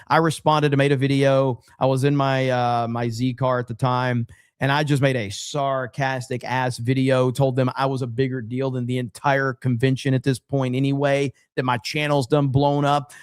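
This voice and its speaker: With a clean, mid-range voice, this American podcast host runs a casual livestream, swearing plenty as he bluntly tells animated stories.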